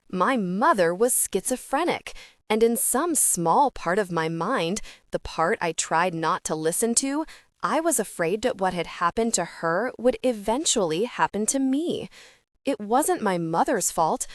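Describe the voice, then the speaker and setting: A woman narrating a first-person audiobook with a steady, earnest reading. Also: medium pitch, a little slow, dry recording, studio quality.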